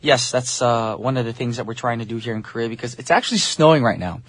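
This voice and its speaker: A man's voice: medium pitch, dry recording. A man hosting a morning radio show from the studio, chatting casually and upbeat with listeners. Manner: upbeat, chatty, quick asides. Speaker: radio DJ host. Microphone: studio mic.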